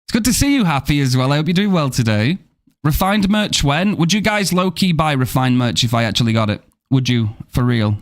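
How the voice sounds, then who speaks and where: A young British man streams a horror game, chatting playfully with his viewers and swearing freely. His voice is a little high, with lively intonation and a slightly fast pace.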